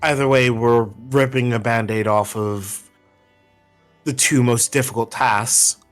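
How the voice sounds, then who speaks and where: A man playing in a tabletop game, laying out his options in a brisk, matter-of-fact way. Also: mid-range voice, fairly even intonation, clear, resonant tone, faint music behind. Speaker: player. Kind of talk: casual planning talk at a game table.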